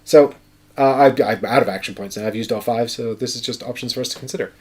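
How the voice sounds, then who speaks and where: A man's voice: medium pitch, fast talker, a little mellow, husky. Man, game show host, casual playthrough, thinks aloud, mid-range voice. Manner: chatty, thinks aloud, counts moves.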